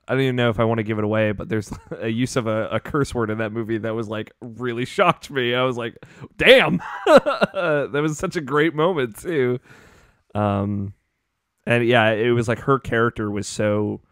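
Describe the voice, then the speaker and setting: A man hosting a podcast, chatting in a relaxed, agreeable way about a movie. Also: medium pitch, smooth, no room sound, clean studio sound. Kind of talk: casual chat.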